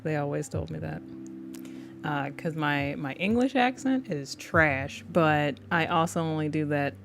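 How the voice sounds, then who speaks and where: A woman's voice: low voice, measured pace, soft background music. A woman artist on a live stream, chatting casually with her viewers, laid-back and laughing often.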